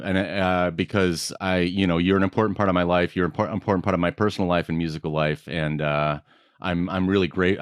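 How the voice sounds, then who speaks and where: A man's voice: sits low, no echo. Friendly, laughing male guest on a dry line. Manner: friendly storyteller who laughs easily and repeats himself. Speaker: guest jazz saxophonist. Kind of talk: casual interview chat. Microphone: video call.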